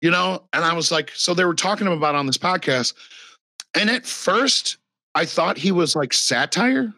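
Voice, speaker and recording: A man's voice: a little high, expressive, normal speed, pushed and bright, dry recording. A man talking in a casual podcast chat, rambling and profane with lots of fillers.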